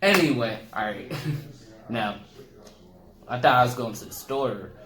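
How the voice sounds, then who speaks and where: Animated young man telling a comic story. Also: measured pace. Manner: animated, jumps pitch to act out people in his story. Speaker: comedian. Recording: echoey room with faint ambient noise.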